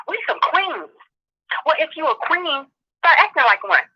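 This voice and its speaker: A woman's voice: sits high, sing-song, bright, forceful tone. Passionate, profane woman ranting. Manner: passionate, profane, rapid-fire lecturing. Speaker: show guest. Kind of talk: heated social commentary rant. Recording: dull lo-fi audio.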